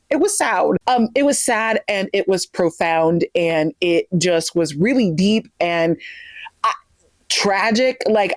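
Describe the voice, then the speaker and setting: A woman's voice: mid-range voice, no room sound. A young woman chatting casually to camera about books, gushing and full of fillers. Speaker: book vlogger.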